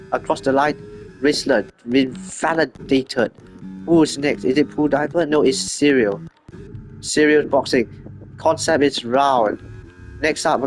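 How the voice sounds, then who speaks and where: A man giving live commentary on an online racing league session, quick and chatty, often correcting himself as cars cross the line. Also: medium pitch. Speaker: race commentator.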